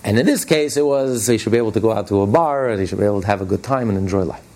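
A man's voice: fairly low pitch, very fast, a little mellow. A man giving a spoken religious lesson as a rabbi. He tells stories in a plainspoken, conversational way and repeats key phrases emphatically, his voice rising on each point. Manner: plainspoken, conversational storyteller with restarts. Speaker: rabbi teaching a Torah class.

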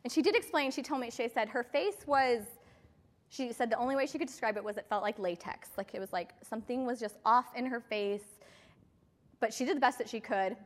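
A woman with a slightly high voice gives a motivational talk to her team, chatty and loose, full of little fillers. Her voice carries a long reverb, as if in a large hall. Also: a little fast. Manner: chatty, filler-heavy storytelling. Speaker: team leader speaking to her sales team.

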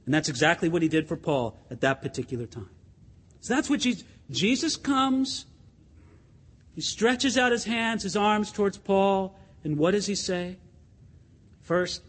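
A man's voice: high-pitched, expressive, unhurried, breathy edge. A pastor preaching a sermon in an earnest, emphatic way, addressing his listeners as friends in a church sanctuary. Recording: long hall reverb.

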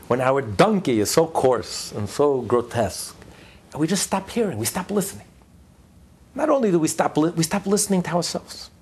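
A man's voice: a little high, darkish tone, slightly rough. A man giving a sermon as a religious teacher, driving his points home with emphatic, repeated lists. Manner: tells a joke story mid-lesson.

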